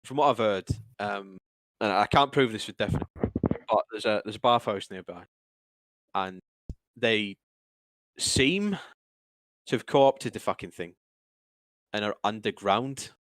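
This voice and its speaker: A man narrating a tabletop game as game master, halting and swearing freely. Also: on the low side, lively intonation, fairly bright tone, no room sound, low-quality recording.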